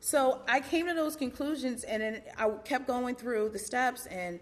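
A woman's voice: a little high, unhurried. Candid woman sharing her recovery story. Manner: candid, conversational, lots of fillers and laughter. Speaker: recovery meeting speaker. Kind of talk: personal testimony.

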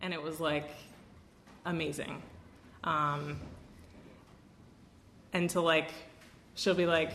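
A woman's voice: on the low side, normal speed, a bit bright. Young woman speaking candidly in an echoey room. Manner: casual, self-mocking, many fillers and laughs. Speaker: speaker sharing her recovery story. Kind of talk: candid personal talk to a meeting. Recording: roomy echo, faint room noise.

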